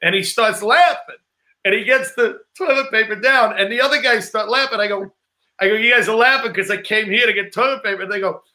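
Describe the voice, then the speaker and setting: A man's voice: sits high, brisk, pushed and bright. A man co-hosting a casual podcast, telling a rambling anecdote and acting out the quotes in it. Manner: rambling anecdote teller who acts out quotes. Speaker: podcast co-host.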